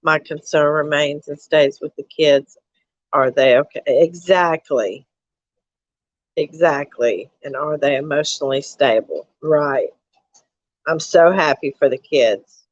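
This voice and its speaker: A woman ranting on her live stream, slow and deliberate, swearing freely and repeating herself as she talks to her viewers. Her voice is recorded dry and a little dull, like a cheap lo-fi mic. She calls her audience y'all. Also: low voice, dry recording. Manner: angry, profane, repeats herself, addresses chat as y'all.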